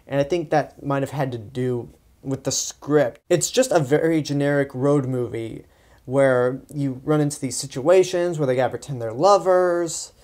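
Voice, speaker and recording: A man's voice: medium pitch, normal speed, darkish tone. Young man ranting a film review. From Texas. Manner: exasperated, sarcastic, rambling with restarts. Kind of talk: casual spoken movie review.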